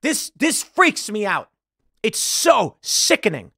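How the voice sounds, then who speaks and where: Host, male, political commentary: emphatic and agitated, high-voiced and dry. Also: huge pitch swings, takes it slowly, creaky, bright, forceful tone, husky, no room sound. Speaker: show host.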